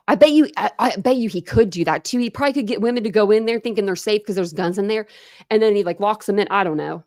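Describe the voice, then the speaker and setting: A woman's voice: medium pitch, fast, darkish tone, dry recording, studio quality. A young adult woman from the United States hosting a casual true crime live stream, chatting and answering viewer comments. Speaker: true crime channel host.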